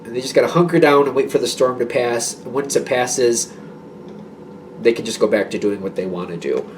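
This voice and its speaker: A man's voice: medium pitch, brisk, recorded from a distance, noisy background. Man giving a rambling, reassuring tarot reading. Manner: rambling, reassuring, many fillers and restarts. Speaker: tarot reader. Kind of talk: casual tarot reading addressed to viewers.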